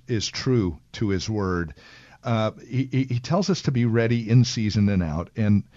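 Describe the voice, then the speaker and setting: A man hosts a Christian call-in show in a folksy, easygoing way. His voice sits at a medium pitch and comes through a slightly muffled, lo-fi radio signal. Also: a little mellow. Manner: folksy, chatty, laughs easily. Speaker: radio talk show host. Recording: lo-fi radio broadcast.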